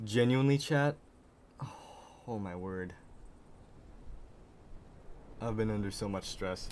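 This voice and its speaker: A man's voice: on the low side, takes it slowly, pauses often, a little mellow, slight background noise. A young man live-streaming, chatting casually and rambling in a frazzled way straight to his viewers. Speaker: livestreamer.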